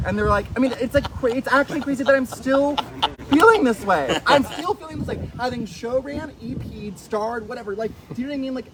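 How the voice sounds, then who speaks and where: A man talking as a guest author at a live event, in a chatty, animated way with many fillers and easy laughter. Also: high voice, fairly quick. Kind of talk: casual conversation on stage. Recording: noisy live event audio.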